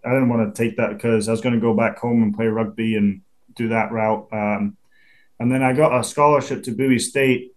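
A man in his twenties with a Scottish accent, a pro football punter chatting in an interview, relaxed and quick to laugh. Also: medium pitch. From Scotland. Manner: laid-back, chatty, laughs easily, many restarts. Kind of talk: casual interview.

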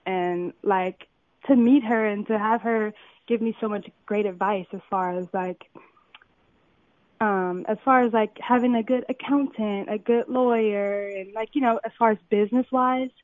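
A woman's voice: medium pitch, moderate pace, no room sound. A young woman from Compton talks eagerly, piling on "like" and "um" as she tells her story. Her voice comes through a tinny phone line with a dry, close sound. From Compton, California. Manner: excited, filler-heavy storytelling. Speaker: model, interview guest. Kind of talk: phone interview, casual storytelling.

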